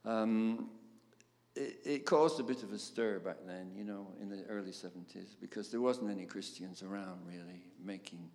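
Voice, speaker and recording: An older man, a songwriter telling his story in an interview, animated and laughing, with many fillers. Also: on the low side, moderate pace. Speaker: guest songwriter. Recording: roomy reverb, faint background noise.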